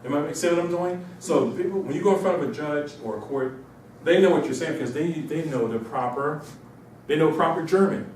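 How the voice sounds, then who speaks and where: A man from Mauritania giving an informal, animated lecture to a small audience, repeating himself and slipping into mocking voices. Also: a little high, fairly quick, a little hiss or hum. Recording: echoey room, distant mic.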